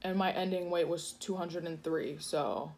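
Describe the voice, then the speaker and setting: Eating at home in her kitchen, this woman vlogger talks in a low, somewhat slow voice with vocal fry and a touch of mellowness. Her casual eating chat wanders, packed with fillers and restarted sentences.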